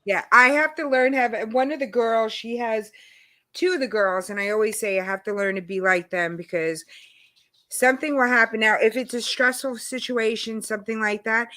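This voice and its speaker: A woman with a New York accent, telling stories in a casual chat, her voice rising as she gets excited. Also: fairly high pitch, moderate pace. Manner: animated storytelling, voice rises when excited. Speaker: guest.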